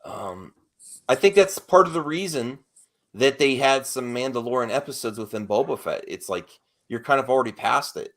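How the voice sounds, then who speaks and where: A man's voice: mid-range voice, expressive, moderate pace, a bit bright. A man hosting a casual panel chat, talking in an opinionated way with emphatic repeats.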